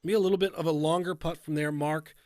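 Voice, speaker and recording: A man giving play-by-play commentary on video golf matches, chatty and jokey, bursting into shouts at big shots. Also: a little high, fairly even intonation, fast, a little hiss or hum.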